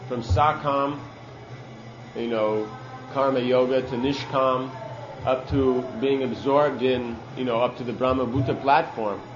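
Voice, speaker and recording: A man's voice: mid-range voice, fairly even intonation, a little slow, reverberant, lo-fi sound, over music. A man giving a sermon-style scripture class, earnest and emphatic, using Sanskrit terms.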